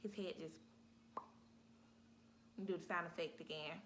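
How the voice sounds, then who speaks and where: A woman vlogger telling a story in a casual, animated way, talking straight to her viewers. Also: lowish voice, unhurried, background noise. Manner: animated, talks straight to viewers, acts out her own cries.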